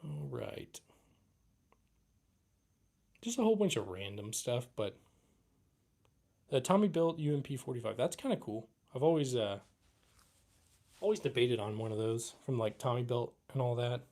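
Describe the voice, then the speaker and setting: A man's voice: medium pitch, expressive, normal speed, vocal fry, long pauses, a little mellow. A young man hosting a casual live Q&A stream, rambling and reading chat aloud with lots of fillers. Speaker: livestream host.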